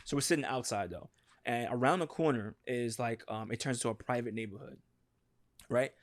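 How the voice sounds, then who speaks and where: A man's voice: mid-range voice, moderate pace. A man telling a long profane story on a casual podcast, acting out what people said. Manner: animated, profane, acts out quotes. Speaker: podcast co-host.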